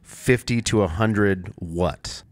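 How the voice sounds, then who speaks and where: A man's voice: on the low side, slow, dry recording. A man co-hosting a podcast, playful and self-deprecating, laughing often. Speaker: podcast co-host. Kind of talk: casual podcast chat.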